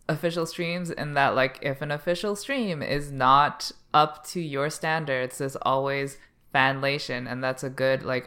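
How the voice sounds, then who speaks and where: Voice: medium pitch, sharp tone. Talker, casual chat, hesitant and thinking aloud. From Canada. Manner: thoughtful, hesitant, many fillers. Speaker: podcast co-host.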